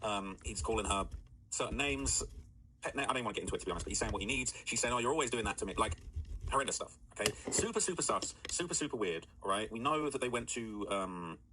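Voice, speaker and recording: A man's voice: lowish voice, animated, fast, noisy background. A man hosting casual commentary, talking in a rambling way with many fillers and "all right?" checks. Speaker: commentary host.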